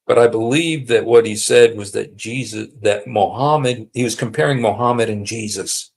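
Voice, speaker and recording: A man with a gravelly, fry-laden voice at an ordinary middle pitch, hosting a casual livestream. He talks in a sarcastic, mocking way, stacking repetitions for emphasis. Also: normal speed, hardly any pauses, a little mellow. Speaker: livestream host.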